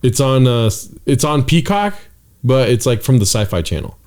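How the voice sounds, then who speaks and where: A man's voice: mid-range voice, sing-song, moderate pace, darkish tone. A man who is a comedian, a guest on a podcast, in laid-back casual chat full of "dude".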